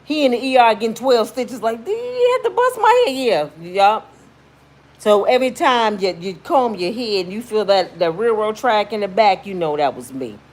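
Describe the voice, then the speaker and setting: A woman vlogger with a mid-range voice tells a story at normal speed in casual, blunt, slangy commentary. She's emphatic and animated, acting out what people said by shrieking the quotes.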